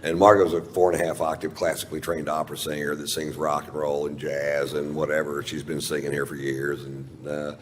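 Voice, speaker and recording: A man's voice: very deep voice, flat delivery, brisk, hardly any pauses, long reverb tail. A man telling a long profane story in stand-up, rambling and self-mocking, on a live stage. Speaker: stand-up comedian.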